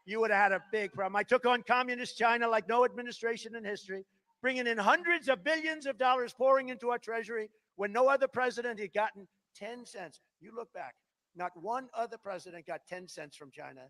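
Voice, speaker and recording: Fast-talking older man giving a rally speech. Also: very high-pitched. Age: 70s. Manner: boastful, rambling, swings between loud declarations and muttered asides. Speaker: politician at a rally.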